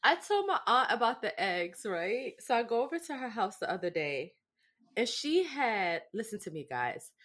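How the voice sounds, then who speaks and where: A young adult woman co-hosting a podcast, telling stories in a lively, profane, casual way and often asking "right?". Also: a little high, moderate pace. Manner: animated, profane storytelling with lots of "right?". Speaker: podcast co-host. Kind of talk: casual chat.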